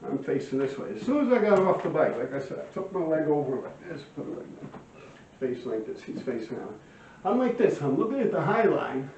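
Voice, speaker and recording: Profane street storyteller, a man, lively high voice, roomy distant home recording. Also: a little fast, a little hiss or hum. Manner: animated, profane, heavy slang and fillers. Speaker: storyteller of his own past crimes. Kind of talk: casual street storytelling to camera. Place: at home by a window. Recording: roomy, distant, dull sound.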